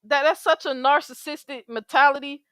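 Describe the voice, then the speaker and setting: Black woman ranting on a stream, cussing, bright highish voice, dry close sound. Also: steady tone, normal speed, no room sound. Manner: blunt, profane, emphatic, heavy slang. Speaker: commentary streamer. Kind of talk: outraged livestream commentary.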